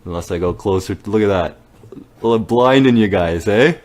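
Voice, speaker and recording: A man's voice: on the low side, moderate pace, a little mellow, rough recording. A man hosting a casual vlog, rambling loosely and tagging his lines with "eh?" and "right?". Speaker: vlog host. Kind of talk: casual on-camera chat.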